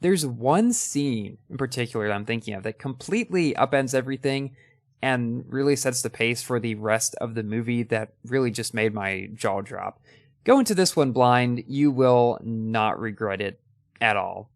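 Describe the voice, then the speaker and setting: A man's voice: medium pitch, animated, moderate pace, no echo, studio quality. A young man hosting a casual ranking of his favorite movies, talking with enthusiasm and a few ums and restarts.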